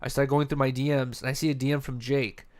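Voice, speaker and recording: A man's voice: mid-range voice, flat delivery, fast talker. A young man hosting a podcast after-show, telling a story in casual, rambling chat full of slang and laughter. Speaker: podcast host.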